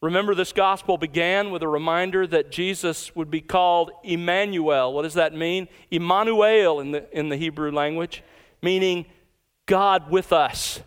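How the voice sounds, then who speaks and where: A pastor preaching an emphatic expository sermon, slowing down to stress key words. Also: male voice, fairly high pitch, clean tone.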